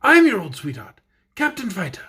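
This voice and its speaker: A man's voice: high-pitched, huge pitch swings, normal speed, sharp tone, slightly rough, pitched above the performer's own voice, full character voice. A man voicing a hot-tempered tin soldier who speaks harshly and indignantly.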